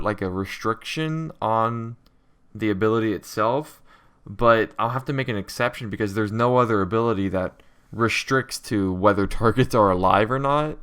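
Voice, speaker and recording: Low-ish bright-voiced guy rambling through his game code, lots of ums. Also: clear, resonant tone. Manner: thinks aloud with many fillers. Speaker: indie game developer. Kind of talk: casual coding walkthrough.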